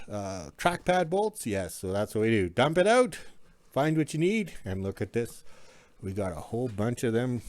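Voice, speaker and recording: His voice is mid-range with a darkish tone and no echo. Touring his workshop and yard somewhere in the cold north, this homesteading vlogger narrates in a casual, folksy ramble, often correcting himself.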